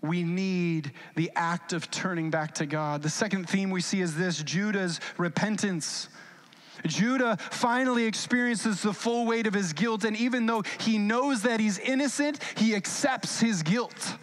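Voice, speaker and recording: A man with a fairly high voice delivers a sermon in a warm-hearted, conversational tone. He slips into lively character voices for the scripture he retells, with small stammered restarts along the way. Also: a little slow. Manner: earnest, acts out biblical quotes in lively voices. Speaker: pastor.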